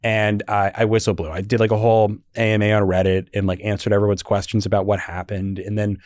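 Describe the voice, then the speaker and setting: A young man, a podcast guest, telling stories in a casual, animated way with lots of fillers and laughter. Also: lowish voice, quick pace, no room sound, studio quality. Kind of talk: casual storytelling interview.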